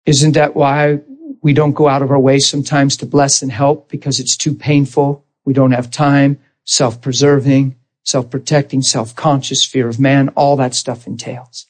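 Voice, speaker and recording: A man preaching a sermon, telling a personal story with lively, acted-out dialogue and easy self-deprecating humor. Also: mid-range voice, normal speed. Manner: animated storytelling, acting out dialogue and laughing at himself.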